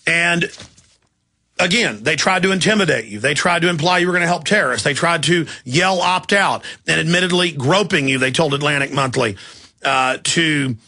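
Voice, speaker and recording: A man's voice: on the high side, bright, forceful tone. A man hosting a talk radio show, delivering an emphatic, indignant monologue. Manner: emphatic, rapid-fire, indignant.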